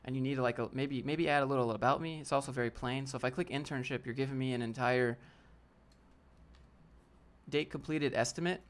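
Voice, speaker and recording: A man's voice: medium pitch, fairly quick, long pauses. A man hosting a casual live Q&A stream, bluntly answering chat and critiquing a viewer's portfolio with slang like "fam" and "dude.". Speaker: livestream host. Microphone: desk setup with a DSLR camera.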